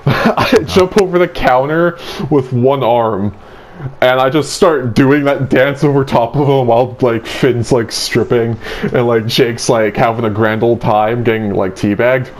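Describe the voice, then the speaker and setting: A young man tells a dream story in casual chat, with a middle-pitched voice. He rambles crudely and loads his sentences with filler likes. A faint ambient noise hangs behind him. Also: measured pace. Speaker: host retelling his dream.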